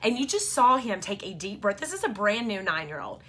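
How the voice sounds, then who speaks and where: A woman's voice: mid-range voice, sing-song, brisk, bright, forceful tone. A woman, chatting to camera about her family in a rambling, filler-heavy way. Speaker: vlogger and mom. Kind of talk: casual storytelling to camera.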